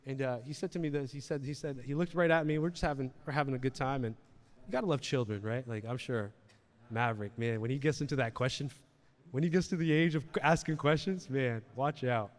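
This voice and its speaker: A man's voice: mid-range voice, fairly quick, long reverb tail. A man preaching a sermon in a conversational way, repeating words and asking the audience questions. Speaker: pastor. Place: church hall.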